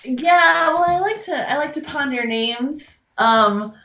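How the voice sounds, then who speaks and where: A woman co-hosting a podcast, playful and quick to laugh in casual banter. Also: sits high, lively intonation, sharp tone, lo-fi sound. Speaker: podcast co-host.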